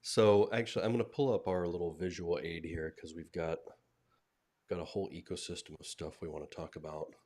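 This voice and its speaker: A man hosting a live online talk in a relaxed, agreeable way, chatting and steering the conversation to the next topic. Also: low voice, fairly quick. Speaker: host. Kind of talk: casual chat on a livestream.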